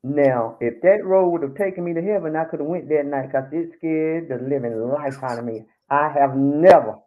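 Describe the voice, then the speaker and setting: A woman's voice: low voice, moderate pace. A middle-aged woman giving a blunt, emphatic testimony at a Bible study, speaking with candid humor. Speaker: church member giving testimony. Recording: tinny phone-like line.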